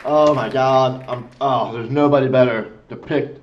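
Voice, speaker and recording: A man's voice: medium pitch, steady tone, normal speed, muffled recording. A man hosting a music reaction video, gushing and emotionally moved as he comments. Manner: gushing, effusive, exclaims often.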